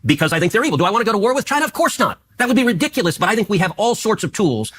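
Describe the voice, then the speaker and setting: A middle-aged man, a senator, arguing in a heated debate with rapid, stammering restarts. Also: high voice, sing-song, a bit bright, breathy edge.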